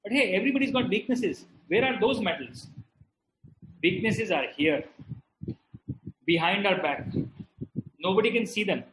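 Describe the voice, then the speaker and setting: A middle-aged man gives a motivational talk in a high, lively voice, stopping often to ask his listeners questions. The room is echoey. A faint hiss sits under the voice. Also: moderate pace, pauses often. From India. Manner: animated storytelling with audience questions. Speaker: motivational speaker. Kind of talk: motivational talk to an online audience.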